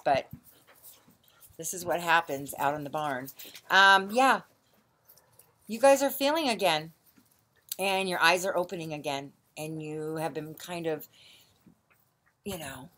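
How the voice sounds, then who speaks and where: Rambling woman astrologer, slightly low voice. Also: a bit bright. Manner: rambling, many fillers like "you know" and "um". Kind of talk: casual astrology talk to viewers. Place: barn.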